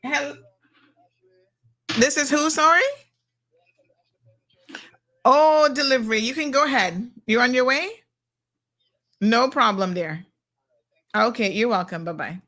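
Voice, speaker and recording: Woman, middle-aged, talk show host, blunt, sassy, slightly high pitch. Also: measured pace, long pauses, bright, forceful tone. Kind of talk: livestream talk show, reading viewer comments.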